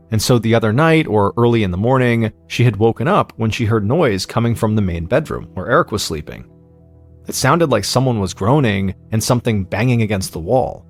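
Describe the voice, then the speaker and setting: An American man in his thirties calmly narrating a true-crime story as podcast host, in a measured way. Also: on the low side.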